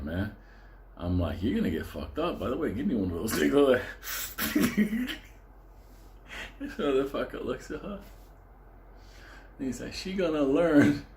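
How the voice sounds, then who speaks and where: A man's voice: lowish voice, a little mellow, slight background noise. A man from Puerto Rico telling a wild club story in a casual, profane, comedic way, laughing often as he goes. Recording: roomy echo with faint ambience.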